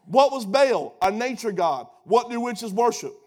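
A man preaching a sermon, animated and sarcastic, swinging between loud retellings and hushed asides. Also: extremely high pitch, a little slow.

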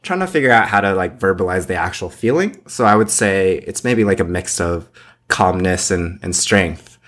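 A man's voice: deep voice, expressive, normal speed, a bit bright. A man co-hosting a podcast, speaking casually and thoughtfully, searching for the right words. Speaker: podcast co-host.

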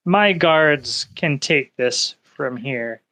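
A man's voice: mid-range voice, animated, extremely slow, sharp tone, full character voice. A man playing a stern, weary officer. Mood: commanding. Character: stern, weary middle-aged officer in command.

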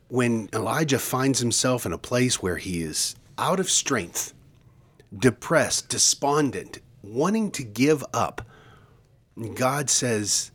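Slow-speaking earnest male co-host. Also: mid-range voice, big pitch swings, fairly bright tone, breathy edge. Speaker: podcast co-host. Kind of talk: devotional teaching.

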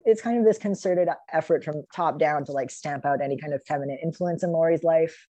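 A woman with a fairly low, mellow voice talks through a book chapter in relaxed podcast chat. She laughs a lot and slips into little voices for the quotes. The sound is close and dry. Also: a little fast, dry recording. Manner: enthusiastic, laughing often, acting out quotes. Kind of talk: casual podcast discussion.

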